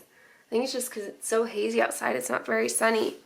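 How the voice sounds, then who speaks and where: A woman's voice: on the high side, flat delivery, fairly quick, gravelly. A young woman vlogger chatting casually and emotionally as she decorates her planner, rambling and laughing often.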